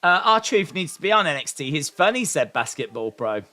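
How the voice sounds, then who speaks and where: Lively high-voiced man riffing casually. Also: fairly quick. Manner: joking, chatty asides to the viewers. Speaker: wrestling watch-along streamer. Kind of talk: casual live reaction commentary.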